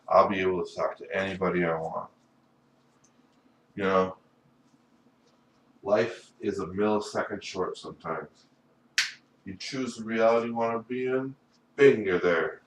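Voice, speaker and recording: A man talking in a rambling, profane solo monologue, often filling with "you know". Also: on the low side. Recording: echoey room, voice far from mic, faint background noise.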